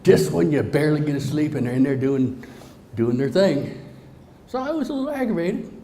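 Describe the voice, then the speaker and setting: Very animated and a little fast, a middle-aged man with a fairly high, mellow voice tells a live audience a humorous story from his own life. A folksy, joking motivational speaker, he talks right to the crowd, and the recording has hall reverb and faint noise.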